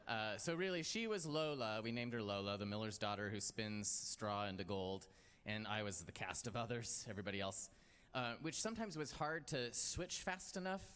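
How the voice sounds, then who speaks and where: A man's voice: medium pitch, a bit bright, smooth. Male storytelling host, from the US, rambling, self-deprecating, long hall echo. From United States. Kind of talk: personal storytelling to a live audience.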